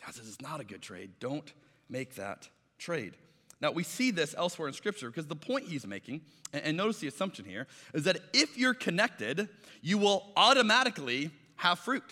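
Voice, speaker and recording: Bright-voiced preacher man in a reverberant hall. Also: fairly high pitch, big pitch swings, normal speed. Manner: storytelling, conversational, acting out quoted voices. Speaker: pastor. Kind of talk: sermon.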